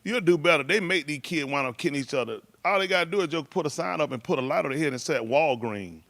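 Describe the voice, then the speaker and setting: A man, talking casually and rambling from one story to the next. His voice sits a touch high for a man, and the recording is dry and close with no room sound. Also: animated, quick pace, vocal fry, dry recording. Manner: loose rambling delivery with laughs and shouted impressions.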